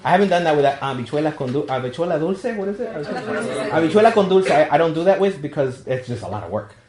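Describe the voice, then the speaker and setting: A priest with a New York accent giving a talk to young adults, telling jokey stories and acting out quotes. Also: male voice, a little high, animated, fast talker, reverberant, crowd noise. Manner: storytelling, jokey, acts out quotes. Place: meeting room.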